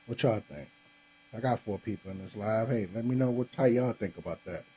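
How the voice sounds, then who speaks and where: A man's voice: on the low side, fairly quick, mellow, a little hiss or hum, rough recording. A man hosting a live podcast from home, chatting casually with viewers and sounding tired after a long day. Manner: laid-back, talks straight to viewers, says y'all. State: tired, yawning. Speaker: podcast host. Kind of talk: casual live-stream chat. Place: home room with a Christmas tree.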